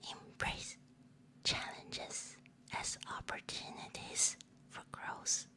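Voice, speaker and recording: A young woman VTuber in a playful, giggly whispered role-play on a binaural mic, reading prompts aloud and slipping in Chinese and Japanese phrases. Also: bright, forceful tone. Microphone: binaural 3Dio microphone.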